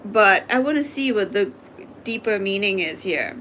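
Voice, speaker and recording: Animated woman giving a tarot reading. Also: mid-range voice, moderate pace, slight background noise. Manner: animated, speaks straight to viewers with repeated questions. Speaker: tarot reader. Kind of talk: live tarot reading and coaching.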